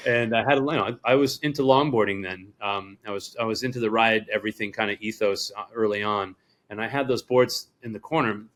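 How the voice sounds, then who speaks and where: Speaking a little fast in a voice on the low side, this Rhode Island man, middle-aged and running a surf shop, is a guest on a podcast. His story wanders, he animates every quoted person, and the swearing is frequent.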